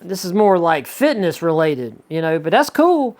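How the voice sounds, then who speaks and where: A man's voice: on the high side, normal speed. Chatty Southern man unboxing on camera. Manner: chatty, excitable, rambling with frequent asides. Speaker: YouTuber reviewing subscription boxes. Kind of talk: casual unboxing vlog.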